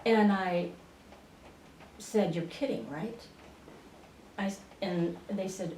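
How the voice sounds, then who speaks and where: A woman being interviewed on a radio show, telling her story at an unhurried pace with many fillers and restarts. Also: lowish voice, darkish tone. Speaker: interview guest, spiritual channeler. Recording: roomy, distant radio studio sound with faint noise.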